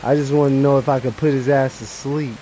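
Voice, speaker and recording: A man streaming a live game, chatting casually and breaking into nervous, excited exclamations as he plays. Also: medium pitch, a little fast, slight background noise, low-quality recording. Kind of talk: live gameplay commentary.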